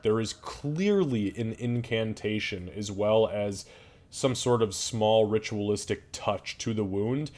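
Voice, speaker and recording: A man's voice: on the low side, darkish tone. A man narrating and ruling as dungeon master of a tabletop game, rambling loosely with fillers and the odd swear.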